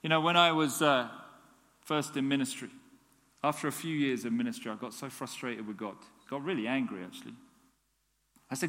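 Animated preacher man in a reverberant hall. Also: mid-range voice, fairly quick, long pauses. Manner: animated, acts out dialogue with God. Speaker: pastor. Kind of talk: sermon.

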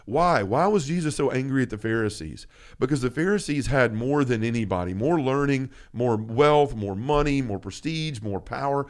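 A man's voice: mid-range voice, lively intonation, moderate pace. Earnest man talking faith, full of restarts. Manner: earnest and emotional, many restarts. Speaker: podcast co-host. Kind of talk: faith podcast talk.

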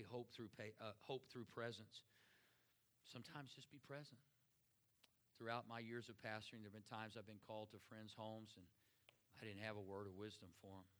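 A middle-aged pastor with a somewhat low voice delivers a sermon in an earnest, conversational way. He often lets his words fall soft and slow, especially as he moves into prayer.

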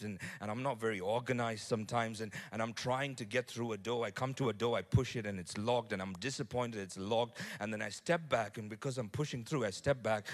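A man preaching a sermon to his congregation, lively, repeating words and building to loud climaxes. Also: medium pitch. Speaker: pastor.

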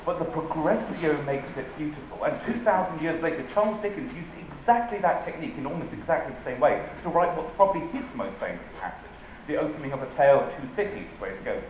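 An Englishman gives a humorous talk on rhetoric to a live audience, dry, playful and witty, reciting quotes with emphasis. His slightly high voice has lively intonation, and he talks fast with few pauses. The recording is in a very echoey hall with faint ambience and a little hiss or hum.

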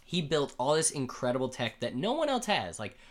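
A man co-hosting a casual podcast chat, excitable, his voice climbing when he gets worked up, with a slight lisp from dental aligner trays. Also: medium pitch, a little fast. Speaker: podcast co-host. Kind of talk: casual chat recapping a comic.

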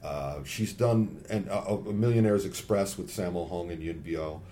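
Low-voiced animated male storyteller. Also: normal speed, a little hiss or hum. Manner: animated storyteller, acts out quotes in high voices. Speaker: guest, martial arts film expert. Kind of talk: casual podcast chat.

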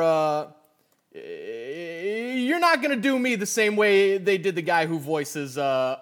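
Animated, lively-pitched male podcast co-host. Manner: animated, restarts often, laughs easily. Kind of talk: casual chat.

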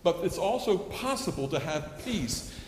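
A man's voice: high-pitched, sing-song, unhurried, slight background noise. A middle-aged man preaching a sermon, telling stories earnestly and acting out a child's pleading. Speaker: pastor. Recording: echoey hall with long reverb.

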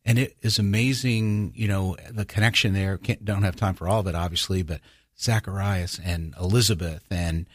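Husky low-voiced man, storytelling. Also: fairly even intonation, normal speed, dry recording, clean studio sound. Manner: storytelling, many restarts, acts out quoted voices. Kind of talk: casual faith conversation.

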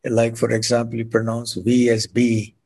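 A man speaking as a guest monk on a podcast, explaining in a measured way and often clearing his throat. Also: mid-range voice, completely flat delivery, darkish tone. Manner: measured, frequent throat clearing, sips to soothe throat.

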